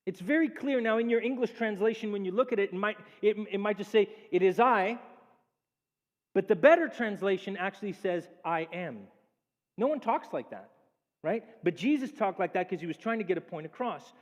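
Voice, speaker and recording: High-voiced male pastor preaching. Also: normal speed, lo-fi sound. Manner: animated preaching, acts out quoted speech. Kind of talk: sermon. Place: church sanctuary. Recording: long church reverb.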